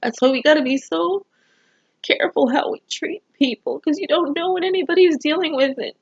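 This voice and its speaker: A woman's voice: high voice, fairly quick, muffled recording. A woman vlogger talking to camera about family and people, rambling and emotional, with many fillers. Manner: rambling, emotional, full of fillers like "you know". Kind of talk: personal talk to camera.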